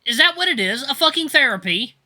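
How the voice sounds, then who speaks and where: A man's voice: high-pitched, animated, a little fast, bright, forceful tone, pitched above the performer's own voice, exaggerated voice. A man voicing a frightened but furious young woman held captive, stammering and turning defiant. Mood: shrill defiant.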